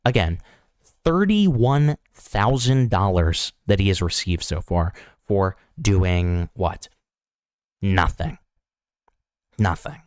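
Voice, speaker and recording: A man's voice: fairly low pitch, dry recording, clean studio sound. A young man hosting online commentary, sarcastic and pointed, asking rhetorical questions. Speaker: commentary channel host.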